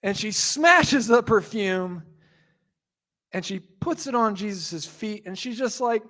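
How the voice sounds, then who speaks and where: A man pastor giving a sermon, telling the story with animated voices and asides. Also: high-pitched, slow. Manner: animated storytelling, acting out quotes.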